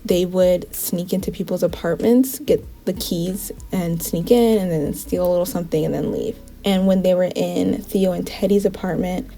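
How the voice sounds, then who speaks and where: A woman's voice: on the low side, gravelly, warm tone. A woman casually recapping the plot of a TV show in a chatty way, with frequent "like" asides. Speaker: TV show reviewer.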